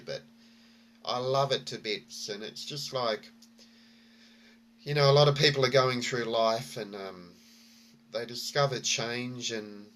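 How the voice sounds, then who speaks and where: A man's voice: mid-range voice, fairly bright tone, a little hiss or hum. A man vlogging, telling a story and reflecting in a rambling way with many fillers and restarts.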